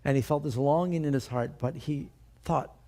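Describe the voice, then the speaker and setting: A man's voice: a little high, moderate pace, dark tone. A male pastor preaching a sermon, emphatic and putting rhetorical questions to his congregation.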